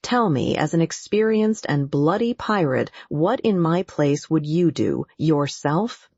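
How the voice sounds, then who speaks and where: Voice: mid-range voice, lively intonation, a little mellow, breathy edge, dry recording. Brief: reader doing a sardonic Irish buccaneer captain, storybook, dull dry sound. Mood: coolly firm. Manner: dry, mocking, measured. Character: wry Irish pirate captain, cool and sardonic.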